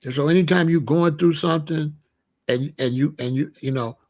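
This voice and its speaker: A middle-aged man talking casually and giving life advice, animated and conversational, with frequent restarts. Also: fairly high pitch, moderate pace. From Chicago area. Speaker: vegan lifestyle host.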